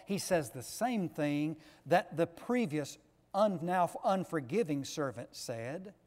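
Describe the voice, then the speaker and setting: A man preaching a sermon with slow, emphatic delivery, swinging between loud stressed words and soft low drops. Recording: long echo of a large hall.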